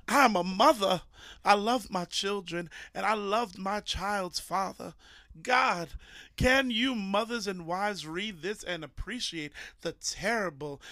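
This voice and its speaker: A man's voice: sits high, a bit bright, dry recording. Man putting on an indignant mock-Southern wife. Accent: mock old Southern lady. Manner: deliberately bad put-on accent. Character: melodramatic 1920s wife protesting her innocence. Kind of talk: dramatic reading on a podcast.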